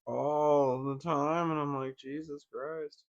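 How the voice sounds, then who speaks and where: A man's voice: fairly high pitch, level tone, slow, dull audio. Wry man telling a family story. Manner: wry, laughing, trails off into bitter quiet. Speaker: vlogger. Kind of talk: casual personal storytelling.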